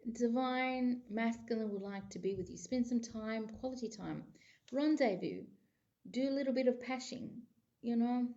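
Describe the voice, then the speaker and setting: A woman's voice: a little high, mellow, highs cut off. A woman, a psychic giving a casual tarot reading to camera in a rambling, chatty way full of filler phrases.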